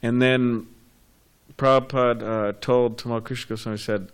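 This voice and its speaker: A man's voice: medium pitch, level tone, moderate pace, clear, resonant tone. A man in a class, telling a story casually and rambling with fillers and restarts. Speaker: class participant.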